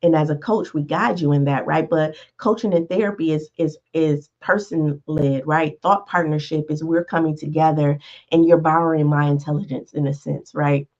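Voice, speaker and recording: A woman's voice: sits low, steady tone, moderate pace, darkish tone, muffled recording. A woman hosting a podcast as a life coach, talking in a casual motivational monologue, often checking in with "right?" and "all right". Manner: conversational, frequent "right?" and "all right" check-ins.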